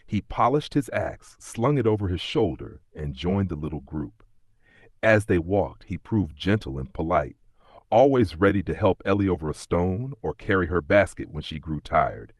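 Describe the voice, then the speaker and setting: A man with a very deep voice tells a fairy tale calmly, with lively rises and falls in pitch. The recording is dry and close, with no room sound. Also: moderate pace, dry recording. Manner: calm, storybook telling. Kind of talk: scripted narration.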